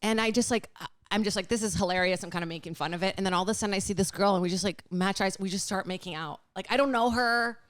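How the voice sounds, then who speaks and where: A woman's voice: mid-range voice, fast talker, no echo. A woman in her thirties, a comedian guest, telling a frank, chatty story on a podcast with lots of "like". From Brazil. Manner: chatty, frank, heavy use of "like".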